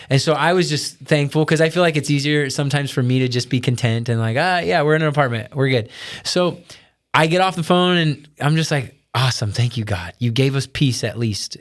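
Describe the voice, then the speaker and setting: A man co-hosting a casual chat, earnestly retelling a family story and quoting his own thoughts. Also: medium pitch. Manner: earnest, retelling with quoted self-talk. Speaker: podcast co-host.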